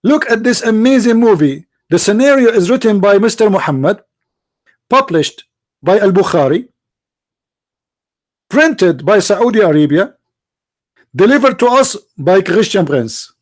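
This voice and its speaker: Brief: male debate streamer, higher-pitched, mocking and confrontational, dry close sound. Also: lively intonation, measured pace, long pauses, no echo. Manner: sarcastic, taunting, direct address to opponents. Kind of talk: mocking live-stream polemic.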